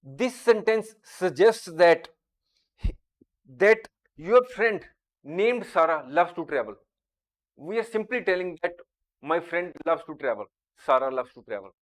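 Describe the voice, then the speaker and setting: A male teacher giving a grammar lesson, reading example sentences slowly and explaining each point deliberately. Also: sits high, animated.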